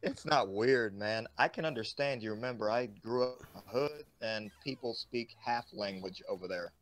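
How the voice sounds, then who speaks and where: A man talking in slangy, animated chat with a fellow streamer about games and friends. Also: on the low side, normal speed. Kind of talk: casual gaming stream chat.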